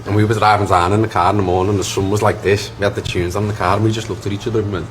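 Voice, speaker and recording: Man, liverpool accent, very deep voice, chatty storytelling. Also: level tone, racing, a little hiss or hum. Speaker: actor. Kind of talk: casual interview.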